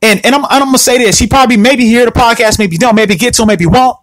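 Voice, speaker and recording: A man hosting a solo podcast, ranting in an animated, repetitive, confrontational way. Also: very high-pitched, quick pace, dry recording. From Southern California. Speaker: podcast host.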